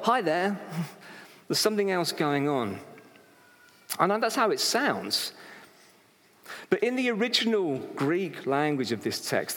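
A man preaching a sermon to a live congregation, conversational and lively, with humorous asides and acted-out quotes. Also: medium pitch. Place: hall with congregation. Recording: long reverb in a hall.

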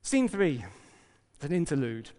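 A man preaching a sermon as pastor, lively and emphatic, with joking asides. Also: a little high, unhurried, clear, resonant tone. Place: church hall. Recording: long reverb of a hall.

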